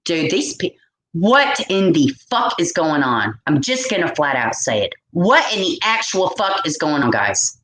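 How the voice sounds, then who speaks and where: A woman's voice: low-pitched, sing-song, a little slow, a bit bright, a little hiss or hum. A woman vlogger ranting to her viewers, exasperated, swearing often and repeating herself. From United States. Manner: exasperated, profane, repetitive ranting. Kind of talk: ranting commentary to camera. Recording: echoey room.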